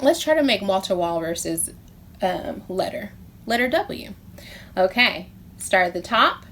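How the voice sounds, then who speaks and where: Slow, sing-song preschool teacher woman. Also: medium pitch, sing-song, a bit bright, a little hiss or hum. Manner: encouraging, repeats words slowly and clearly. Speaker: pre-K teacher. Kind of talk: slow, sing-song classroom instruction for small children.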